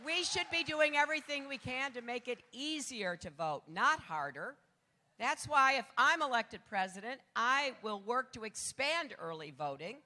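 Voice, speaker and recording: An older woman giving a campaign rally speech as a political candidate, building from steady argument to shouted calls. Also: high-pitched, normal speed. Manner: rousing, rising to shouts on key lines. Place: large rally venue. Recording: long echo of a large hall.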